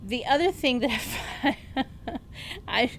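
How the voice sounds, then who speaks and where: A woman's voice: sits high, lively intonation, slow pace, a bit bright, slight background noise. A woman co-hosting a podcast, telling a story in casual chat, amused and often laughing, with lots of fillers. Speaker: podcast co-host.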